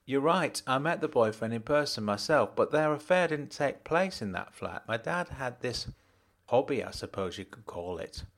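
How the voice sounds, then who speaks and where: Deadpan man narrating a story. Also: medium pitch, moderate pace. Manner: dry, matter-of-fact, deadpan first-person narration. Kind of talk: audiobook narration.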